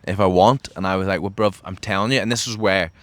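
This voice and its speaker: A man's voice: sits low, fast talker, clear, resonant tone. A young man hosting a podcast, telling a story in casual chat and acting out the lines of the people in it with lots of fillers. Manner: animated storyteller who acts out quotes, many fillers. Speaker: podcast host.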